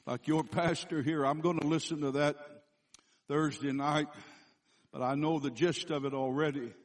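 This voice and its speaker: A man with a notably high voice preaches a sermon as a visiting speaker. He tells his story loosely, often stopping to correct and restart himself. When he quotes scripture, he slows down and leans into the words. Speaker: guest preacher.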